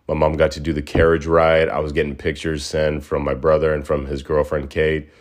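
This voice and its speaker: A man's voice: a bass voice, completely flat delivery, brisk. A man hosting his own podcast in a casual solo chat, rambling and repeating himself, with an upbeat sign-off. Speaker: podcast host.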